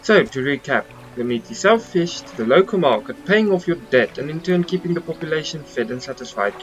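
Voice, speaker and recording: A man voicing a posh, smooth-talking English male mayor with formal, polished speech. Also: fairly high pitch, lively intonation, a little fast, dull audio, lightly acted. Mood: courteous.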